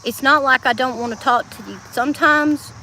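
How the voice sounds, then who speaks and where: A high-pitched woman with a Southern accent chats freely with her live-stream viewers from outdoors. She laughs a lot and sings bits of songs as she goes. Faint insect sounds hum behind her phone mic. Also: brisk, sharp tone. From Georgia, US South. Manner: chatty, laughs often, sings snatches of songs. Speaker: livestreamer. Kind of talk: casual live-stream chat.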